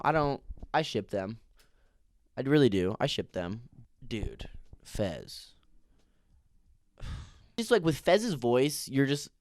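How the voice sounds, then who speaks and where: A man's voice: mid-range voice, clean tone, no room sound, clean studio sound. A man giving a casual, opinionated TV recap, ranting in a profane, exasperated way. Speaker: TV recap vlogger.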